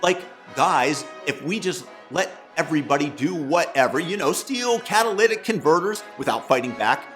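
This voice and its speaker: Sneering commentary guy, kinda high voice, mocking tone, light music under it. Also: animated, moderate pace, hardly any pauses, a bit bright. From Boston. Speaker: political commentary host. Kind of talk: sarcastic political commentary.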